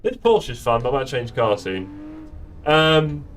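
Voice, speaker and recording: A man's voice: medium pitch, big pitch swings, measured pace, recorded from a distance, slight background noise. A man chatting playfully with friends while live-streaming a sim racing game. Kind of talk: live gameplay chat. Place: home sim racing setup.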